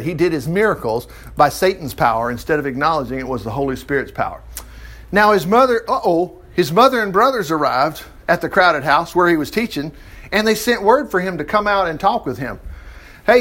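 A man teaching the Bible in a casual, chatty way, acting out the quotes and closing in prayer. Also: on the high side. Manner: chatty, animated, acts out quotes. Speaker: pastor.

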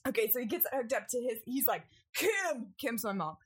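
A young woman in casual storytelling on a podcast, animated and acting out family members as she goes. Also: normal speed, breathy edge. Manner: animated, acts out family members with big pitch jumps. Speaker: podcast co-host.

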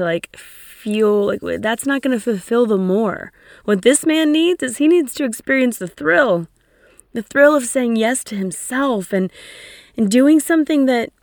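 A woman's voice: sits high, no echo, clean studio sound. Fired-up woman coaching listeners. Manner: energetic, emphatic, swears casually. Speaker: coach and podcast host. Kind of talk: motivational solo talk.

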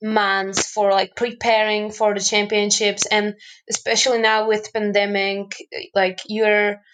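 A young woman who plays hockey appears as a podcast guest, telling stories in casual chat in English, which is not her first language. Her medium-pitched voice is a little slow, and she's animated, full of fillers and restarts, and laughs often, though the audio is poor.

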